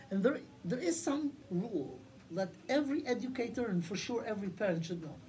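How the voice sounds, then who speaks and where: Male rabbi, lively lesson, acts out dialogue, Hebrew quotes, faint room hum. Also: very high-pitched. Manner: animated, acts out the questioners' lines; mixes in Hebrew quotations. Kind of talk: Torah lesson.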